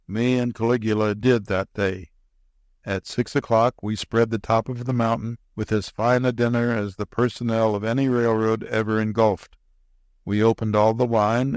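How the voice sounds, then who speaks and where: Low guy reading an old story aloud, dry booth sound, steady and unhurried. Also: dry recording. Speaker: audiobook narrator. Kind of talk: scripted narration of a classic story.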